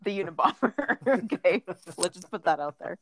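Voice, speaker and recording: A woman with a lowish voice, chiming in on a casual movie review podcast. Her remarks are wry and dry, and she laughs easily. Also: expressive, normal speed, dry recording. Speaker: podcast co-host.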